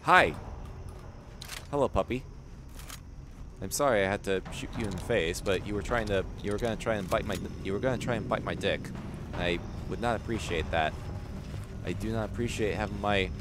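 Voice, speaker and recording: A man's voice: on the low side, moderate pace, long pauses, very noisy. A man streaming a video game, chatting casually and rambling as he answers chat, chuckling often. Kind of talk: casual gaming livestream chat.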